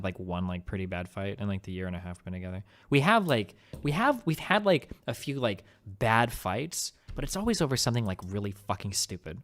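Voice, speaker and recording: Fast-talking blunt young man. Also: sits low, a bit bright. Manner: rambling, filler-heavy, blunt and profane. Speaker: streamer. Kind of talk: casual profane chat on stream.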